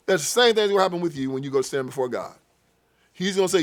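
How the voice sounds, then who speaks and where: A man's voice: fairly high pitch, lively intonation, quick pace. Fiery, preachy male talk host. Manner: preachy, fiery, acts out little dialogues. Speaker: political commentary show host. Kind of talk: impassioned political monologue.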